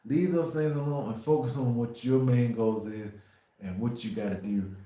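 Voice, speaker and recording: Male livestream preacher, mid-pitched, loose and repetitive delivery, recorded in a very reverberant room. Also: fairly even intonation, moderate pace. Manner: rambling, repeats words and restarts, swings from quiet to emphatic. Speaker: faith livestream host.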